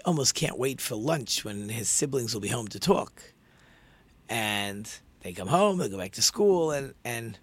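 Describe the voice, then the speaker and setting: A man's voice: medium pitch, dry recording. A man telling a story in a conversational sermon, with many fillers and restarts.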